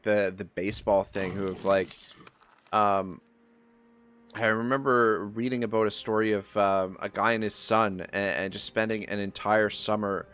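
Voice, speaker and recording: A man's voice: fairly low pitch, fairly bright tone, a little hiss or hum. A man from Nova Scotia with a Canadian accent, chatting rambly through a live game stream and reading chat messages aloud. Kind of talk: casual live-stream gameplay commentary. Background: faint game music.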